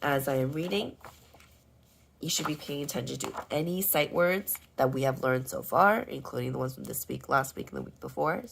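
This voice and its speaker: A woman teaching first graders, going over their homework and spelling out sight words slowly and clearly. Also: extremely low pitch. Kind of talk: homework walkthrough lesson.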